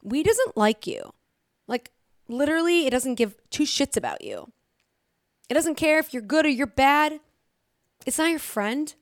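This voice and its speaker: A woman's voice: sits high, very animated, unhurried, pauses often, dry recording, clean studio sound. A young woman giving a blunt, motivational talk straight to her viewers, swearing often and repeating phrases for emphasis. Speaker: recovery vlogger. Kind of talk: direct-to-camera motivational talk.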